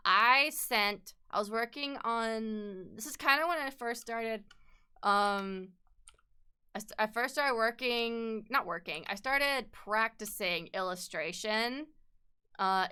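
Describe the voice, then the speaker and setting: Bright chatty young woman streamer. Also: a little high, clean tone. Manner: rambling, chatty, swears casually, laughs often. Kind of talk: casual live-stream chat while drawing.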